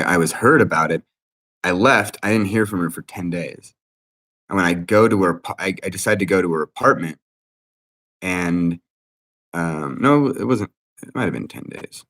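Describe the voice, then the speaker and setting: Man, 30s, very deep voice, agitated, swearing, halting restarts, personal account. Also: a bit bright. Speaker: interviewee.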